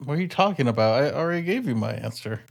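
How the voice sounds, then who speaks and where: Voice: mid-range voice, lively intonation, fast talker, creaky. A co-host teasing and cracking jokes in casual podcast chat. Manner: teasing, wisecracking.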